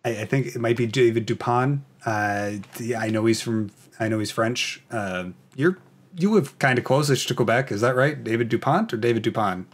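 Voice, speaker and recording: A man's voice: medium pitch, moderate pace. A man from Canada hosting a casual podcast, reading out viewer comments in a rambling, filler-heavy, enthusiastic way. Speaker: podcast host.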